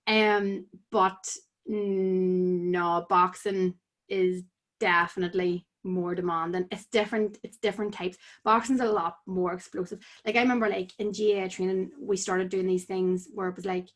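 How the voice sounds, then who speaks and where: A woman's voice: mid-range voice, little pitch movement, moderate pace. A young woman with a Northern Irish accent, chatting casually as a podcast guest, full of "like" fillers. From Tyrone, Northern Ireland. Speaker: podcast guest, amateur boxer. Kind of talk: casual chat.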